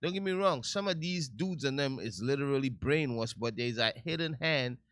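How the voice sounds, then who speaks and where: A man hosting a talk-radio show, giving casual commentary in a loud, heated, preachy way with slangy asides. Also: mid-range voice, lively intonation, moderate pace, no echo, clean studio sound.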